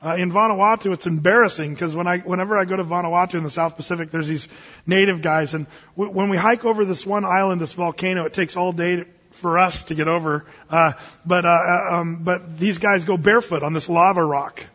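A man's voice: high voice, fairly even intonation, brisk, a bit bright, big-room sound, dull audio. A man preaching a sermon in a conversational, joking way, with sudden emphatic bursts. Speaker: pastor.

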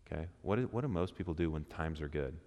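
A man with an extremely low, slightly mellow voice talks fast and with lively intonation while giving an interactive sermon to a men's church group. He keeps it conversational, asks the room questions, and acts out quotes, all in a reverberant hall.

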